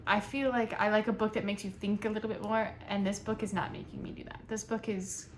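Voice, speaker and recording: A young woman reviewing a book in a casual, chatty way, nitpicky and animated. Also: medium pitch, fairly quick, slight background noise. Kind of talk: casual chat.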